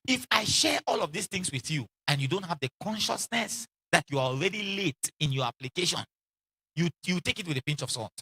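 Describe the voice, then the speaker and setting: A man preaching a sermon in an animated way, acting out quoted voices and repeating lines for emphasis, with laughs between lines. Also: high-pitched, a little fast, creaky, slightly rough.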